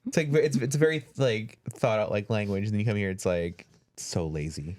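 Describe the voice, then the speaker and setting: A man's voice: fairly low pitch, a little fast, darkish tone. A man hosting a podcast, rambling in casual chat with lots of fillers and restarts. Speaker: podcast host.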